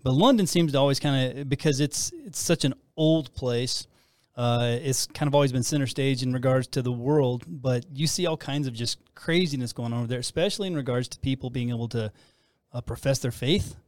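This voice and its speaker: A man's voice: mid-range voice, a little fast, a little mellow, dry recording. A man hosting a casual Christian talk show, who rambles and restarts his sentences often. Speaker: host.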